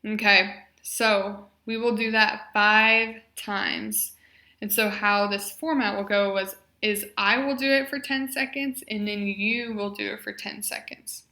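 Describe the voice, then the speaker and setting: A woman's voice: medium pitch, steady tone, sharp tone. A woman leading a guided voice exercise class, giving encouraging step-by-step instructions and modelling sounds for her group to copy. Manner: encouraging, slow and clearly paced instructions. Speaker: speech therapy exercise leader. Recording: echoey room.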